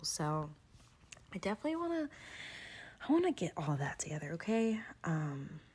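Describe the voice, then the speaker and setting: Young woman vlogger, relaxed and chatty, warm low-pitched voice, candid sit-down talk. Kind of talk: casual sit-down chat about goals.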